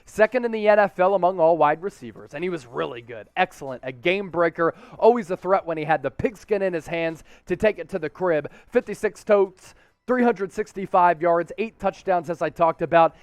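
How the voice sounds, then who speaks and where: Man, sports show host, high voice, dry close mic, energetic, slangy commentary. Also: clear, resonant tone, no room sound. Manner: energetic, slangy, sarcastic asides.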